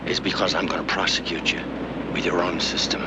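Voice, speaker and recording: A man's voice: low voice, little pitch movement, a little fast, natural voice. An actor playing a contemptuous man who taunts a cop, in a clip from an old crime film. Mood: taunting. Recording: old film clip, loud street and engine noise.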